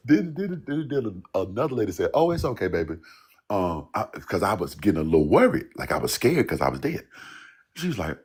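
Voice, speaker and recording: Deep husky man telling a wild story. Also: a little fast. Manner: animated, laughing, swearing, acting out quotes. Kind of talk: casual storytelling.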